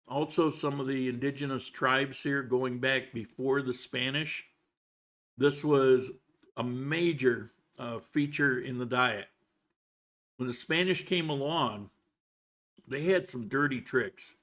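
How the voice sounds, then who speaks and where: Talking with a mouthful at times, a man runs a relaxed live chat stream from his Colombian home. His pitch is ordinary and mid-range, and his loose, chatty talk wanders and frequently starts over.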